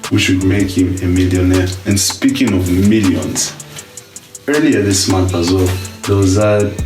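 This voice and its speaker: Laid-back podcast co-host, roomy sound. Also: male voice, low voice, a little slow, recorded from a distance, over music. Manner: relaxed, laughing, loose storytelling. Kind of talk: casual podcast chat.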